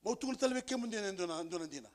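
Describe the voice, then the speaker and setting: A male pastor preaching a sermon with emphasis, repeating key phrases and building to shouted peaks. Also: sits high, animated, racing. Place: church service.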